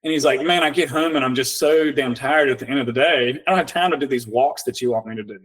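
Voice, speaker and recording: A man, a nervous system coach guest on a podcast, telling client stories in a lively way, acting out both sides of the talk and slowing down for guided instructions. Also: mid-range voice, breathy edge, poor audio. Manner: animated storyteller acting out both sides of conversations; slow, guiding coaching instructions. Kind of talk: casual storytelling in a podcast interview.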